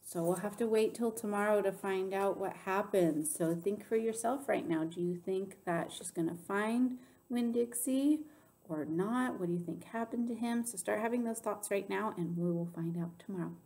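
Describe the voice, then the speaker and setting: A woman's voice: mid-range voice, moderate pace. A woman teacher talking to her class before reading a chapter book aloud. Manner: lively, animated reading voice.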